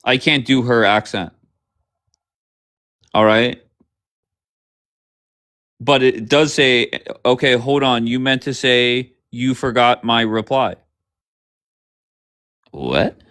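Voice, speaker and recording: A man hosting a livestream, bluntly grilling his guests with rapid questions and frequent swearing. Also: medium pitch, a bit bright. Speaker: livestream host. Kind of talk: confrontational livestream chat.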